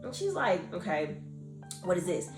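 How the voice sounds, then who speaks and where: Animated woman retelling a novel. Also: on the low side, moderate pace, echoey room, soft background music. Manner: animated storytelling, acting out characters' lines. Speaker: book podcast co-host. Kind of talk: casual chat retelling a novel.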